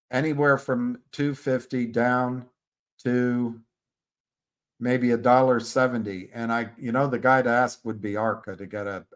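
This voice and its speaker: A man hosting a live stream, talking in a slow, unhurried way about stock charts. He often stops and restarts his phrases, and he speaks straight to his viewers by name. His pitch sits in the middle range. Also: fairly bright tone. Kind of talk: casual stock chart commentary.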